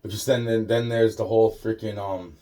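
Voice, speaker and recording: A man's voice: lowish voice, flat delivery, fairly quick, mellow. A man telling a rambling personal story. He swears constantly, loses his thread and trails off into repeated fillers.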